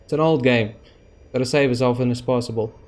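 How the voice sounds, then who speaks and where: A man's voice: medium pitch, steady tone, a little fast, a little mellow. A man giving rambling let's-play commentary over a space game, with many fillers and restarts. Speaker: gaming YouTuber.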